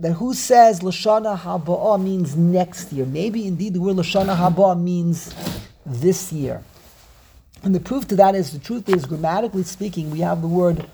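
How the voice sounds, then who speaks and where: A man's voice: a little high, gravelly, dark tone, slightly rough. A man teaching an online Torah class over a video call, repeating words and drilling pronunciations aloud.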